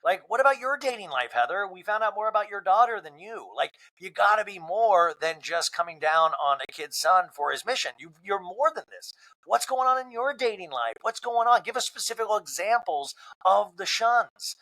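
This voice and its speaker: Male podcast host, animated and joking solo recapper, slightly high voice. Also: moderate pace, hardly any pauses, poor audio. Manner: animated, playful, mimics the people he recaps.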